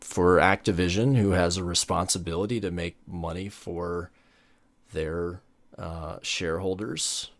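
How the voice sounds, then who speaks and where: A man with a very low, deep voice talks through his thoughts on a gaming podcast. His delivery is measured and analytical. The sound is close and dry, with no room around it. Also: fairly even intonation, dry recording. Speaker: podcast co-host. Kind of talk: casual gaming podcast chat.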